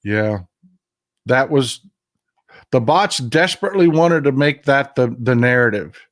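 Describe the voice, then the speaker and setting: A man's voice: mid-range voice, lively intonation, unhurried. A man hosting a live news commentary stream, bluntly reacting to viewer comments, emotional and swearing at times. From Texas. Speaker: livestream news commentary host.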